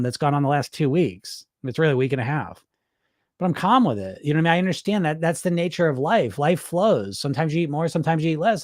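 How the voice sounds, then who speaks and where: Blunt, slightly high-voiced male coach. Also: a little mellow, no room sound, clean studio sound. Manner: blunt, casual, swears, keeps asking "right?". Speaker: weight loss coach. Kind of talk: casual livestream Q&A.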